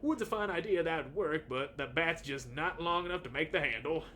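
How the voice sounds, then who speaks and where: A man's voice: a little high, lively intonation, brisk, sharp tone, slight background noise. A man casually commenting on a video game he plays, sarcastic and swearing often. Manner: sarcastic, swears, reads dialogue aloud. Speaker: let's play host.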